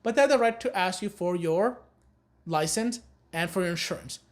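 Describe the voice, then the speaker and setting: A woman's voice: on the low side, normal speed. A woman teaching a recorded know-your-rights course, giving blunt and emphatic advice and repeating her key warnings. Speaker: course instructor.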